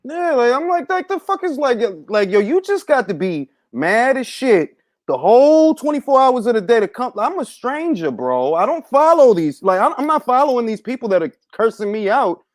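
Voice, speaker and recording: Host: a high, lively male voice, slangy and swearing, in a dry room. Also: moderate pace, no echo. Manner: animated, swears a lot, slangy. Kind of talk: casual interview chat.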